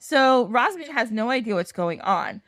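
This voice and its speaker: A woman's voice: a little high, sing-song, normal speed, fairly bright tone, no room sound, studio quality. A woman podcast host telling a fairy tale in a chatty, casual way full of fillers and swearing. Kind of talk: casual storytelling.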